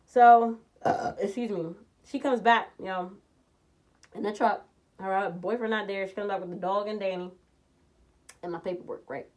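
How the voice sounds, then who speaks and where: A woman vlogger telling a personal story in a blunt, profane, animated way, jumping from loud outbursts to low muttering. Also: moderate pace. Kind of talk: casual storytime vlog.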